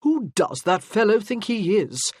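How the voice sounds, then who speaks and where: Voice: medium pitch, big pitch swings, moderate pace, no room sound, clean studio sound. A narrator voicing a jealous, irritated young army captain in an audiobook. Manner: irritated and stiff. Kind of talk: audiobook character voice.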